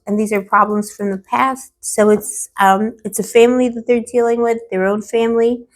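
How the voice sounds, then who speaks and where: A woman with a hoarse, fading voice giving a tarot card reading, affectionate and playful, calling the viewer pet names with dramatic asides. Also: a little high, fairly even intonation, moderate pace, hardly any pauses. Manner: affectionate, calls the viewer boo-boo and baby. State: hoarse, losing her voice. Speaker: tarot reader.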